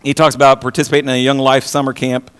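A pastor preaching an impassioned sermon, often repeating words and swinging between loud and hushed delivery. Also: male voice, medium pitch, flat delivery, very fast, clean tone, long reverb tail.

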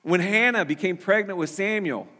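High-voiced preacher in an echoing hall. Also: male voice, moderate pace, bright, forceful tone. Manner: earnest, repeats words and restarts often. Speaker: pastor. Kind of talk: sermon.

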